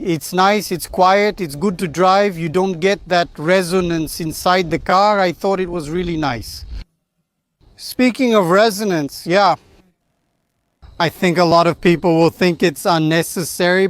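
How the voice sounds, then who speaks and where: A man from Brazil chatting enthusiastically about his classic car in a casual vlog. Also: fairly high pitch. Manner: enthusiastic, chatty, says man and you know often. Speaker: car vlogger.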